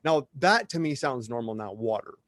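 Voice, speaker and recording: A man's voice: medium pitch, normal speed, no room sound, studio quality. Tangent-prone chatty middle-aged man. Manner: rambling, animated, wanders off on tangents. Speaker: podcast guest, drag performer. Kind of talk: casual podcast conversation.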